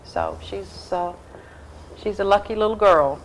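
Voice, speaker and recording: A woman's voice: mid-range voice, huge pitch swings, measured pace, slight background noise, poor audio. Earnest woman explaining. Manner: earnest, explanatory, frequent fillers. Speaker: humane society volunteer guest. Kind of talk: casual interview.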